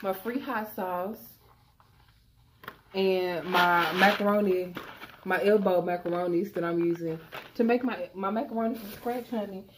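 A young woman with a drawl talks through a grocery haul in a loose, chatty way, calling viewers "y'all" and working through prices. Her voice sits at a middling pitch for a woman, relaxed and unhurried. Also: background noise. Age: young adult. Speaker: vlogger. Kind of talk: casual grocery haul chat.

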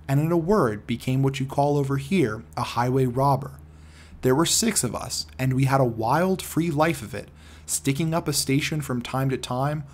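A man reading the part of a dying older man who confesses in an earnest, heavy way, in a husky voice. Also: medium pitch. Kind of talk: audiobook character reading.

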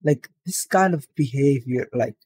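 Young man, angry reaction commentary, profane rant, mellow tone. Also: mid-range voice, measured pace, slightly rough. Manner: ranting, profane, exasperated.

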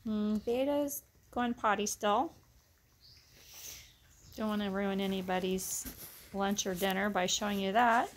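A woman dog breeder filming her puppies, chatting casually to viewers and praising the pups in a high sing-song voice. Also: unhurried, pauses often, slight background noise. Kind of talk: casual vlog narration while filming puppies.

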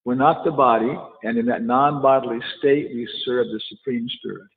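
A man's voice: mid-range voice, fairly even intonation, normal speed. A man teaching a casual scripture class, chatty, with laughing asides and quotes acted out. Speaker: spiritual teacher. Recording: tinny phone-like echoey hall.

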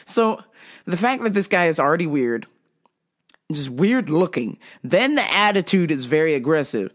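A woman hosting a podcast, telling a story in an animated, profane, casual way. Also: low voice, slow pace, pauses often. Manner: animated, profane, laughing between lines. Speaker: podcast host.

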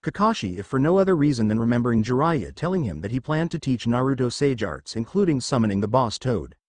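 Man narrating fan fiction, lively pitch. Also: fast, no room sound. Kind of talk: story narration.

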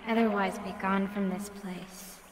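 A woman's voice: mid-range voice, little pitch movement, a little slow, close to an everyday voice. An ancient, cold water spirit, voiced by a woman, stern and formal. She is set in a long, hall-like reverb with a crowd murmuring behind.

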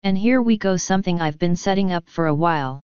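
A woman reading a fanfiction story aloud in a steady, even narration. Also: lowish voice, fast talker, clean tone, dry recording. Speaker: fanfiction reader. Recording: dull lo-fi recording.

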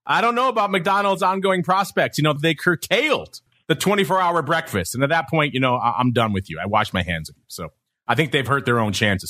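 A man's voice: fairly high pitch, lively intonation, a little fast, sharp tone. A man hosting a market podcast, playfully teasing his co-host and rattling off trading figures. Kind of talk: casual market show talk.

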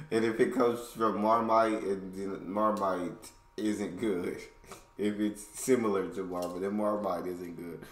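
A man's voice: on the low side, level tone, takes it slowly, long pauses, a bit bright. An American man hosting a reaction video, chatting casually and laughing along. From United States. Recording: roomy echoey room.

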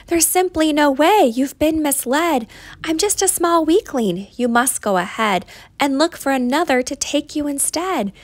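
A woman voicing a small, weak and timid male donkey in a storybook, pleading in a high, tearful voice. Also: lively intonation, measured pace, dry recording. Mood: protesting.

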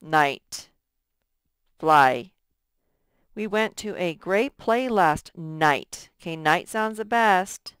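A woman with a slightly low, smooth voice teaches a first grade lesson at an unhurried pace. She sounds out letters and stretches words patiently. The sound is dry and close. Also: animated, fairly bright tone, no echo. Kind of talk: recorded lesson for young students.

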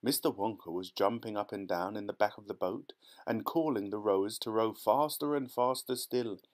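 A man narrating a children's storybook audiobook in a steady, expressive reading voice. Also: fairly low pitch, normal speed.

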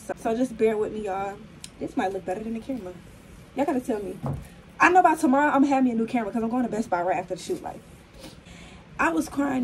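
A young woman in her twenties, slightly hoarse, chatting casually to the camera in a vlog filmed on her phone at home, full of fillers and calling viewers y'all. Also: fairly high pitch, darkish tone, slight background noise, poor audio. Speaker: vlogger.

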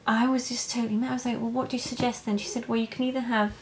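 A young woman telling her birth story in a vlog, halting and emotional, with many fillers and restarts. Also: a little high, level tone, a little mellow, a little hiss or hum, low-quality recording. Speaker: vlogger. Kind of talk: personal birth story, casual.

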